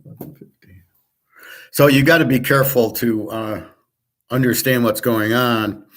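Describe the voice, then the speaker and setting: A man's voice: medium pitch, fairly even intonation, normal speed, a bit bright. A man hosting a casual solo monologue on markets and poker, blunt and profane, rambling with frequent restarts and sarcastic asides. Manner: opinionated, sarcastic. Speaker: host giving market and poker tips.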